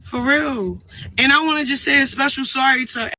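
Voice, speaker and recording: A woman's voice: sits high, fairly even intonation, fast talker, pushed and bright, dry recording, rough recording. A woman speaking on a livestream, rambling and earnest as she apologizes and talks about her son. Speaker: mother speaking in a livestream clip. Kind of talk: emotional livestream talk.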